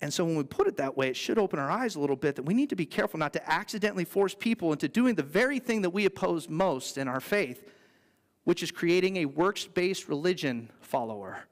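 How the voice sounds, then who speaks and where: A man's voice: fairly high pitch, lively intonation, fast talker. A man, the pastor, preaching a sermon in an earnest, conversational way with playful asides. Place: church sanctuary. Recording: long reverb in a church hall.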